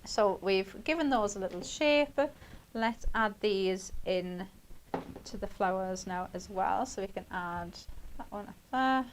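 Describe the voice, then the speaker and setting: A woman's voice: medium pitch, measured pace. Chatty woman demonstrating crafts. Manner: chatty and rambling, laughs often. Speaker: craft shopping TV presenter. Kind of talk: live craft demonstration with chat.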